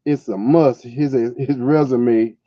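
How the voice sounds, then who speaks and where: A man's voice: mid-range voice, fairly even intonation, slow pace, dry recording. A man co-hosting a casual podcast chat, blunt and profane, laughing as he talks. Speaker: podcast co-host. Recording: dull dry lo-fi sound.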